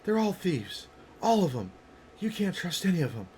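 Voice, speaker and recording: A man's voice: high-pitched, big pitch swings, normal speed, a little hiss or hum, voice pushed up. A man doing a paranoid ranting stranger. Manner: frantic, shouting. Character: paranoid ranting man who distrusts everyone.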